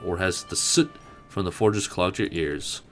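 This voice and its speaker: A man voicing a dignified, noble dojo master who speaks in a grand, formal, measured way. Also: sits low, faint music behind. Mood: solemn.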